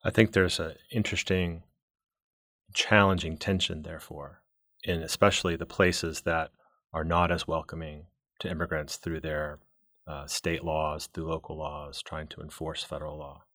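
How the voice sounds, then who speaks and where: A man with a very deep voice hosts a podcast interview, setting up each question slowly and carefully. The recording is dry and close to the mic. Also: flat delivery, fairly bright tone, no room sound. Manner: deliberate, framing long questions.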